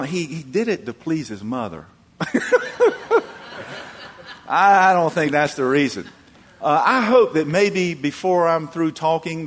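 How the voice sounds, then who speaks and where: A man preaching a sermon, acting out quoted voices and moving between loud emphatic peaks and low quiet asides. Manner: acts out quoted voices, chuckles. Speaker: pastor.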